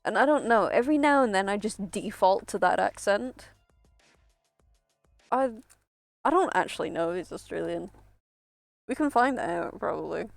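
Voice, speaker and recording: A woman's voice: medium pitch, lively intonation, moderate pace, gravelly, pauses often, no room sound. Rambling woman streamer over faint game music. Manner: rambling, self-interrupting, laughs often. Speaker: streamer playing a video game. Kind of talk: casual gaming stream chatter.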